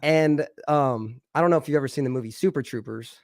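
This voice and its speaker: A man telling a story in a casual podcast chat, animated and profane, acting out the voices of the people in it. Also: medium pitch, fairly quick, dry recording, clean studio sound.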